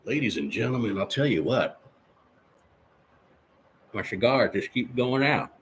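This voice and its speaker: A man's voice: medium pitch, animated, measured pace, fairly bright tone, slight background noise. A man hosting a podcast in a casual, joking live chat. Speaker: podcast host.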